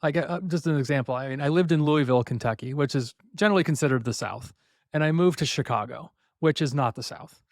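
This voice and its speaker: A man's voice: fairly high pitch, quick pace, dry recording, clean studio sound. A middle-aged man, a podcast guest, telling personal stories reflectively with hesitant fillers. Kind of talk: conversational interview.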